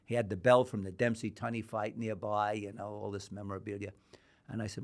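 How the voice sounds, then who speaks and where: Older male podcast guest, low-pitched, rambling anecdotal storyteller. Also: little pitch movement, brisk. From New York. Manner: rambling anecdotal storyteller, acts out quoted dialogue. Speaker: guest, boxing historian.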